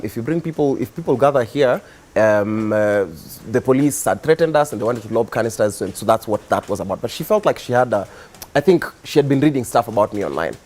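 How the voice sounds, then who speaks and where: A young man with a Kenyan accent, a guest on a talk show, telling his story in a relaxed, rambling way with many fillers. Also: mid-range voice. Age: young adult. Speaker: guest, activist and musician. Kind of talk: casual interview storytelling.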